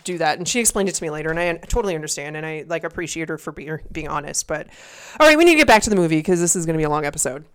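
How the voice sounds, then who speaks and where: A woman with a smooth, somewhat low voice co-hosts a casual podcast. She tells stories in an animated way, playing out what people said. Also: very fast. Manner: animated storytelling, acts out quotes, swears freely. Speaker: podcast co-host. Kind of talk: casual chat.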